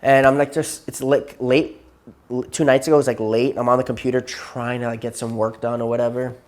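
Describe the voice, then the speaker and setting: Man, therapy session, rambling storyteller, burnt out, casual, mid pitch. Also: little pitch movement, fairly quick, darkish tone. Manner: rambling, repeats himself, acts out quotes. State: burnt out and tired.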